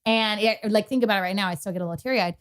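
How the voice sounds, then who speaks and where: A woman's voice: medium pitch, racing, clean tone. A woman co-hosting a podcast, telling a personal story in casual chat and retelling past conversations with lots of fillers. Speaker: podcast co-host.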